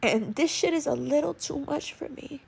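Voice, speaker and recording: A woman's voice: high voice, normal speed, creaky. A woman telling a travel story in a casual monologue, swearing freely and acting out the lines of the people she met. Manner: animated, swearing, acts out quoted lines.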